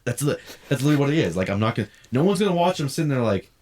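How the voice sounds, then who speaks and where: A young man, an online video creator, telling stories in casual podcast chat, rambling and animated with frequent restarts. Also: mid-range voice, very fast, a little hiss or hum.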